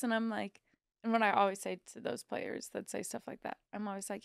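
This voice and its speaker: Young woman co-host from Missouri, chatty storyteller with a raspy fry, dry studio sound. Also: on the high side, fairly even intonation, moderate pace, dry recording. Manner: chatty storyteller, acts out quotes, swears freely. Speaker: podcast co-host. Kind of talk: casual chat.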